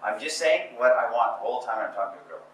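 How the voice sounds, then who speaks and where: Picked up by a distant mic amid slight background noise and faint ambience in a roomy Portuguese talk venue, this seminar speaker talks quickly with lively intonation. His mid-range, fairly bright voice drives a blunt motivational message, full of repeated phrases and restarted sentences.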